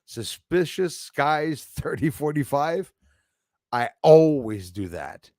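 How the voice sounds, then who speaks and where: A man's voice: a little high, big pitch swings, takes it slowly, darkish tone, no room sound, studio quality. A man hosting a live stream, reading viewer comments aloud and rambling in casual, loose chat, laughing often and trailing off mid-thought. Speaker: livestream host reading chat.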